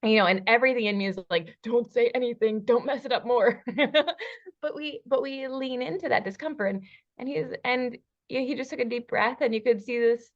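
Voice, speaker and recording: A woman coach telling a lively personal story, acting out the dialogue in different voices and laughing often. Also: fairly high pitch, brisk, highs cut off. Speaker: relationship coach. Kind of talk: storytelling in a podcast interview. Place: lives in Bali.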